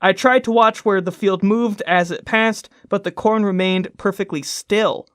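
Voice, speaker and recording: A woman co-hosting a comedy podcast, reading a spooky story aloud and then joking about it in animated bursts. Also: mid-range voice, a little slow, no echo, clean studio sound. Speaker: podcast co-host.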